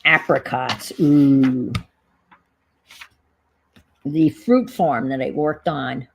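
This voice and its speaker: A woman's voice: extremely low pitch, drawn-out words, gravelly, a little hiss or hum, rough recording. A middle-aged woman with a New England accent, chatting casually on a livestream, reminiscing and reading viewer comments aloud. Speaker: livestream host.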